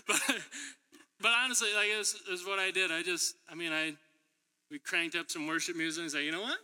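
With a fairly high pitch and a steady tone, this man moves at a moderate pace, leaving long pauses, his voice bright and forceful. He's a preacher and middle school teacher giving a sermon in a church hall, telling chatty stories, laughing often and playing out what people said. The hall adds a long reverb.

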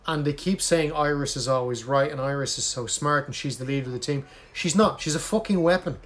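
A man's voice: fairly high pitch, a little fast, a bit bright. A man in casual chat with a friend, ranting animatedly and swearing heavily.

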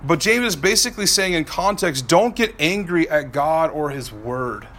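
Male pastor, thirties, high and bright voice, animated preaching, dips soft then climbs loud. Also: normal speed. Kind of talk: sermon.

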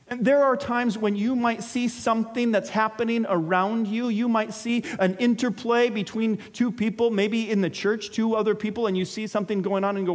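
A man's voice: high-pitched, moderate pace. A man preaching a sermon in a conversational way, explaining with everyday examples. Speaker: pastor.

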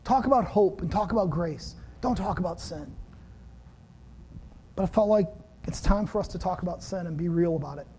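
A man's voice: sits high, moderate pace, long pauses, warm tone, a little hiss or hum. A middle-aged male pastor giving a conversational sermon, acting out phone conversations with a friend. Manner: conversational, acts out dialogue with a friend.

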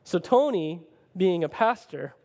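A male pastor telling a story in a sermon, animated and conversational, often checking in with the listeners. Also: sits high, measured pace, in a large hall. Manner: animated, conversational, keeps asking "right?".

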